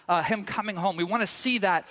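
A man preaching with a high, bright voice. He tells the story with animation, jumping into the characters with sudden loud outbursts. His voice carries through a large hall with a long, echoing reverb. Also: fairly quick. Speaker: pastor. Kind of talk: sermon.

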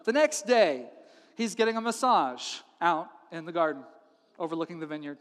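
A pastor with a fairly high-pitched voice preaches a sermon at a moderate pace in a large hall. He tells a story humorously and stays animated, acting out its characters with funny voices.

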